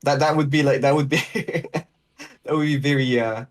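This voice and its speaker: A man guest on a gaming podcast, speaking English as an in a hesitant, halting way with many restarts. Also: on the high side, fairly even intonation. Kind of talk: casual chat.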